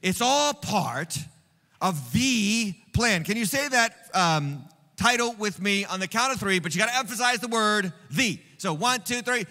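Male pastor, very high voice, bright, energetic call-and-response sermon, long hall echo. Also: normal speed. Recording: reverberant hall sound.

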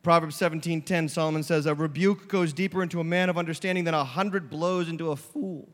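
A middle-aged male pastor preaching with emphatic force, his voice high and bright as it rises and presses each point. It carries through a large sanctuary with a long reverb trailing behind it. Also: steady tone, quick pace. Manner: emphatic, preaching with rising intensity. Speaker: lead pastor. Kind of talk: sermon. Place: church sanctuary.

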